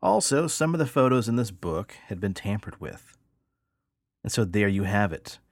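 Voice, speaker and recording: Low-voiced man hosting a podcast. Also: normal speed, no echo, clean studio sound. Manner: animated storyteller, rises in pitch on key points. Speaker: podcast host. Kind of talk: casual podcast chat.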